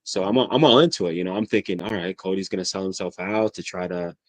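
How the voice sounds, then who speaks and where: A man chatting as a podcast guest, excitable and profane, laughing often as he talks. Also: low voice, fast talker, no room sound. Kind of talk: casual chat.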